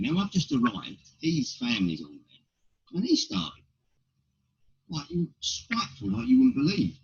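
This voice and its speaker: A man's voice: mid-range voice, creaky, husky. A middle-aged man, a stand-up comedian telling blunt stories in an interview and firing off rhetorical questions. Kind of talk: storytelling in an interview. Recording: dull lo-fi recording.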